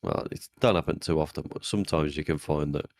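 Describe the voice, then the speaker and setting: A man's voice: rumbling low, fast talker, creaky, no echo, studio quality. A man co-hosting a podcast, chatting in a laid-back way with casual swearing. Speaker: podcast co-host. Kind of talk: casual chat.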